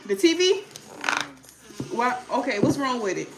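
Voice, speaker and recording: A woman giving a casual tarot reading, emphatic and preachy, arguing her points out loud. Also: on the high side, big pitch swings, unhurried, background noise. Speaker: tarot reader.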